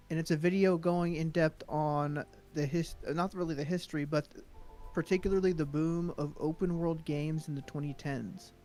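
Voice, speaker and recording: Young male streamer, a bit high-pitched, easygoing chat over faint music. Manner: easygoing, rambling, with fillers. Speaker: co-host of a stream.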